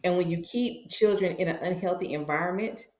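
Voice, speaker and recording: A woman's voice: fairly low pitch, fairly quick. A woman guest on a podcast, telling a personal story and acting out the dialogue with feeling. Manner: animated, acts out dialogue in her stories. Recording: roomy echo.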